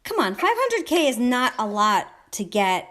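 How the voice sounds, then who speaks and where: A woman's voice: fairly high pitch, very animated, measured pace, crowd noise. A woman hosting a casual game livestream, chatting with friends, laughing often and reading the chat aloud. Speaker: livestream host and clan leader.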